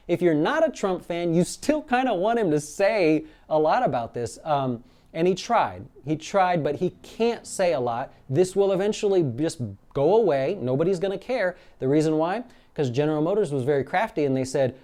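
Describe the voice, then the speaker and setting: A man hosting a daily market update, talking casually and acting out quoted exchanges in an animated, fired-up way. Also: a little high, moderate pace. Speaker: financial advisor hosting a daily market show. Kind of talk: casual live-stream commentary.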